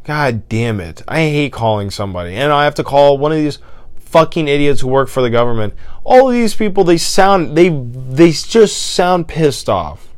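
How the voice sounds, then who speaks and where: Recorded with no room sound, a smooth-voiced young man rants on his podcast in a casual monologue at a moderate pace. He is very animated, exasperated, and profane, bouncing from loud outbursts to low muttering.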